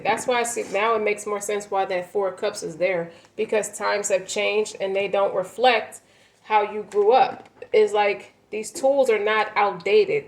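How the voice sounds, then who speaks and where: A woman's voice: medium pitch, darkish tone, poor audio. Rambling woman giving a tarot reading. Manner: rambling, emphatic, many fillers and restarts. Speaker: tarot reader. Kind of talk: tarot reading, casual spoken.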